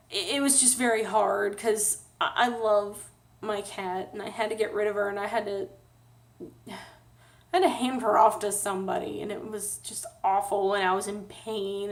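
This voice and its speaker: Sad woman rambling in a vlog. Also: mid-range voice. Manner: rambling, emotional storytelling with nervous laughs. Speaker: vlogger. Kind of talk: casual personal vlog.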